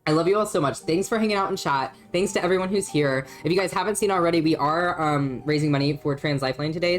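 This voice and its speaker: A young woman streaming a story game, chatting casually with her chat, swearing and laughing often. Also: deep voice.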